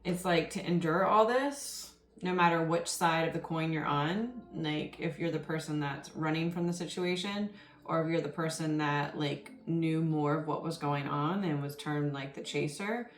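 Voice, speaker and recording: Low-pitched and moderately paced, this tarot reader talks in a loose, rambling way, peppering her reading with "um" and "you know." Faint music plays beneath a roomy, echoing recording.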